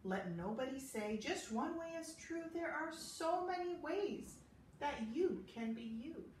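A woman reading aloud voices a gentle, poetic young male lion who speaks softly and earnestly in a storybook. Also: sits high, lively intonation, measured pace, echoey room, recorded from a distance, slight background noise, voice pushed up, rough recording. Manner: soft, earnest, thoughtful.

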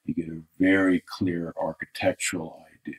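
A man with a deep, low-pitched voice walks through a live art critique. He thinks aloud as he draws, restarting his sentences as he goes. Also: level tone, moderate pace. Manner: thinking aloud, restarts, talks over drawing on screen. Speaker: art instructor.

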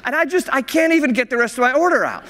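Jovial high-voiced pastor in an echoing hall. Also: male voice, expressive, fast, pushed and bright. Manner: jovial, laughs often at his own stories. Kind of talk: sermon with humorous storytelling. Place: church sanctuary. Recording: reverberant church hall.

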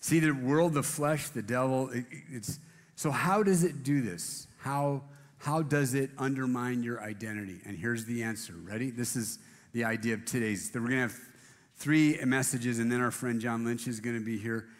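Rambling pastor in a reverberant hall. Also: male voice, medium pitch, normal speed. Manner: rambling, self-deprecating, conversational with many restarts. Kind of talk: casual sermon. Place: church auditorium.

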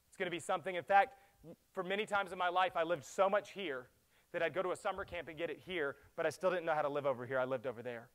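A middle-aged man, a pastor, preaching a sermon that swings from loud urgent pleading to hushed, quiet passages. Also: mid-range voice.

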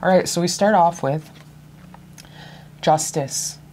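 Woman tarot reader, low voice, profane and effusive, casual to-camera delivery. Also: slow, dark tone, slight background noise.

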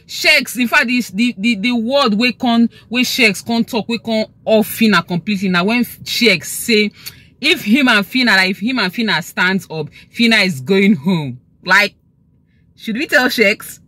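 A young woman with a Nigerian accent records a chatty gossip vlog inside her car. Her bright, clear voice slips easily into Pidgin as she talks. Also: medium pitch, measured pace, no echo. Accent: Nigerian English. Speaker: gossip vlogger.

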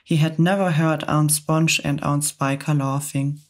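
Low-voiced woman reading ASMR. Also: flat delivery, measured pace. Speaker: ASMR reader.

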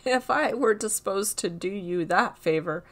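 A woman's voice: mid-range voice, lively intonation, measured pace. Proud, cagey old cobbler in a storybook reading, played by a woman. Boastful.

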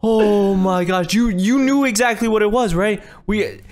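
A man's voice: high voice, unhurried, a crowd in the background. A young man hosting a game roleplay, frantic and stammering, repeating himself as he acts out the scene. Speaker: roleplay host.

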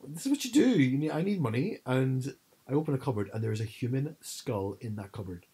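A man co-hosting a podcast, telling stories in an animated, casual chat full of fillers. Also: mid-range voice, a little fast, slightly rough, poor audio. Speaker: podcast co-host.

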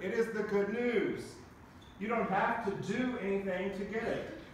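A man preaching a sermon as pastor, telling funny everyday stories in a lively way. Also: fairly high pitch, slight background noise. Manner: humorous storytelling preacher. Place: large church sanctuary. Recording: echoey church recorded from a distance.

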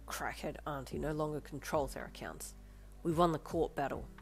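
Woman voicing a blunt, mocking teen boy in a fanfic audio story, low and quiet, faint music behind. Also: fast, gravelly. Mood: gruff. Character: brash hot-tempered teenage boy hero. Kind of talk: fan fiction audio reading.

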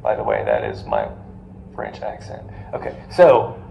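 A man's voice: rumbling low, wildly swooping pitch, measured pace, gravelly, lo-fi sound. A man lecturing to a live classroom, telling stories and putting questions to the students with jokey asides. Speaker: finance lecturer. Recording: roomy classroom with faint noise.

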